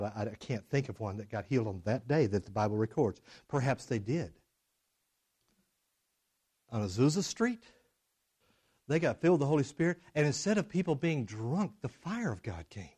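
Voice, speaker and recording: A middle-aged man preaching a sermon, swinging from loud, emphatic declarations to low, hushed drama. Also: breathy edge. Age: middle-aged or older.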